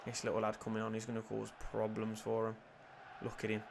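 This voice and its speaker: A young man commentating his own football video game, excitable, muttering and then shouting, swearing and joking. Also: lowish voice, a little fast, gravelly, background noise. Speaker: gaming YouTuber. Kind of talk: live gameplay commentary.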